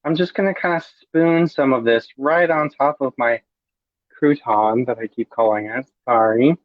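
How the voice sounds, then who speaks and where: A man's voice: medium pitch, normal speed, no echo, dull audio. A man giving a campy, chatty cooking demonstration over a video call, savoring each bite aloud. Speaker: drag performer cooking on a livestream.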